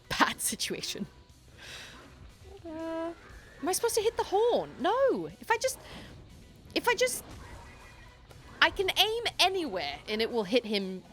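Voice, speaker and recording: A young woman streaming a video game, thinking out loud and often restarting her sentences with self-deprecating remarks. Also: extremely high pitch, wildly swooping pitch, measured pace, long pauses, faint music behind. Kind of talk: live game stream chat.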